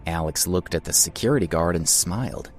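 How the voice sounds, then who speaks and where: A man narrating a scripted story in a dramatic, expressive reading. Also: low-pitched, brisk, faint music behind.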